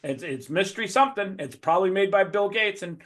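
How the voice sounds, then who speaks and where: A man's voice: sits high, lively intonation, a little fast, fairly bright tone. A man giving a blunt, profane motivational talk as a guest speaker over a video call.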